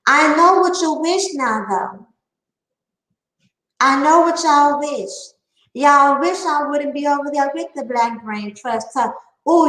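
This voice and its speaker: In a relaxed vlog, a high-voiced woman with a Southern twang drawls her words slowly, sounding defiant and emphatic. She's the channel host, recorded in a room with lots of echo, and the sound is a bit bright.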